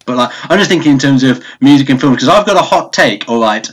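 A man's voice: mid-range voice, expressive, fast, husky. Hesitant man asking questions. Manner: hesitant, filler-heavy questions. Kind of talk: casual chat.

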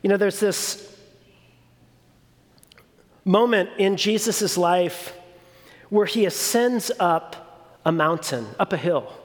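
High-voiced man preaching slowly in a hall. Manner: deliberate, emphatic, with repeated phrases. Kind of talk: sermon. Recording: long reverb of a large hall.

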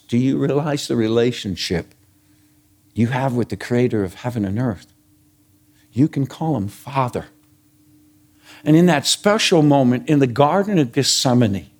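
Older guy preaching, slow and easy, chuckles a lot, asks the crowd stuff. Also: mid-range voice. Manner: storytelling, asks the congregation questions, chuckles often. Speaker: pastor. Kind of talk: sermon.

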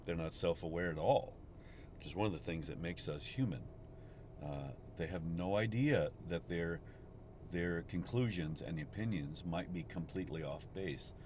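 Low-voiced guy rambling on a podcast from his car, road noise all around, lots of restarts. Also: moderate pace, a little mellow. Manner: rambling, restarts often, gets frustrated in traffic. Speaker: podcast host. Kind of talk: casual podcast recorded while driving. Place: inside a car in traffic. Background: vehicle and road noise.

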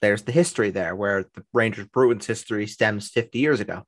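A man's voice: lowish voice, brisk. A man co-hosting a podcast in casual sports chat, opinionated and given to repeating words as he starts. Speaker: podcast co-host.

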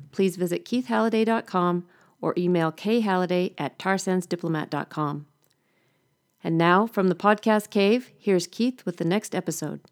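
A woman reads a scripted podcast introduction in an upbeat announcing manner. Her voice sits a little low for a woman, and faint music plays behind her.

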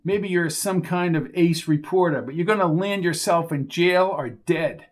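A man's voice: on the high side, normal speed, voice pushed up, lightly acted. A man voicing a determined male investigator who talks bluntly and with impatience. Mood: exasperated. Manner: blunt, exasperated, insistent. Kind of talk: audiobook character voice.

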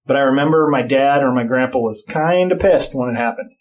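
A man's voice: medium pitch, a little fast. A middle-aged man in casual chat, telling blunt, profane stories about parenting.

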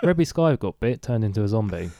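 Low, gravelly man. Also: very animated, quick pace, warm tone. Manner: short replies, dry agreement. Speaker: podcast co-host. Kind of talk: casual movie review chat.

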